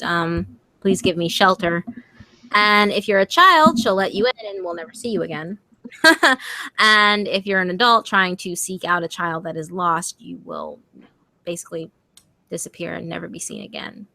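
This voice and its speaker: A young woman tells a scary story on a live stream in a loose, animated way, swearing freely and acting out her friends' lines. Her voice sits a little low but sounds bright and forceful, and the recording is close and dry. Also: dry recording.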